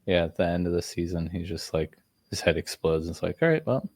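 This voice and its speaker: A man co-hosting a podcast, chatting casually and tossing in quick joking asides. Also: sits low, completely flat delivery, darkish tone, no echo. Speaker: podcast co-host. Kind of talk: casual chat.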